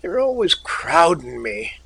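A man's voice: a little high, very animated, slow, creaky, pushed and bright, a little hiss or hum, pitched above the performer's own voice, full character voice. A man reading aloud and voicing a tired, nervous young male gambler who talks in a querulous, muttering way.

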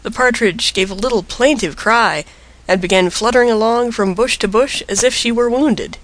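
A man narrating a storybook tale in an expressive, lilting way. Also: very high-pitched, normal speed, low-quality recording.

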